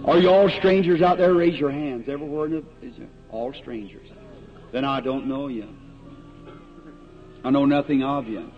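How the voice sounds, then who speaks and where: A man's voice: on the high side, animated, moderate pace, soft background music. A man preaching a revival sermon and calling people up for prayer, in a folksy, plain-spoken, earnest way. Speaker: evangelist preacher. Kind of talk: old-time revival sermon and prayer line. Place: large meeting hall before an audience. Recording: dull lo-fi archival tape with faint hiss.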